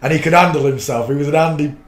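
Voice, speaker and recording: Talking fast in a fairly high voice, this middle-aged livestream host from a fishing town rambles through colloquial anecdotes in casual chat. The recording has a roomy echo.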